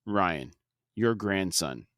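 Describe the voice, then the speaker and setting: A man's voice: sits low, lively intonation, very slow, fairly bright tone, no room sound, clean studio sound, pitched below the performer's own voice, exaggerated voice. A man reading out the lines of a needy, volatile male superhero in a plain voice during a podcast recap. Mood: pleading.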